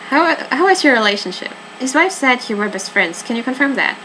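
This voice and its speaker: A woman's voice: high voice, sing-song, brisk, pushed and bright, a little hiss or hum, pitched above the performer's own voice, exaggerated voice, low-quality recording. A woman voicing a blunt detective in a mystery game, asking pointed questions and narrating the case in a matter-of-fact way. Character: hard-nosed detective questioning murder suspects.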